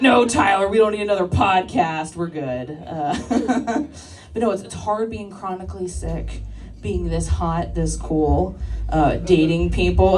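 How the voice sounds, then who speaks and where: A woman's voice: fairly low pitch, distant mic. Brash woman comic on a club stage. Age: 30s. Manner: brash, crude, loud crowd banter with frequent laughs. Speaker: stand-up comedian. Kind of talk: stand-up set with crowd work. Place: live club stage with audience.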